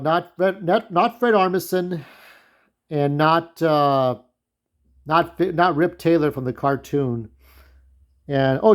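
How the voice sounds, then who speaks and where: A man talking in a casual, rambling monologue, candid and digressive, swearing freely as he reminisces. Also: a little high. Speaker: vlogger.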